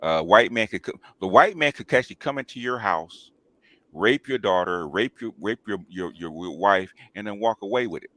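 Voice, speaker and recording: A male host speaks in a casual talk show manner with a deep, low voice. He makes his points emphatically and keeps pausing to check in with his listeners. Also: animated, pushed and bright, dry recording. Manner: emphatic, repeats "okay?" and "right?".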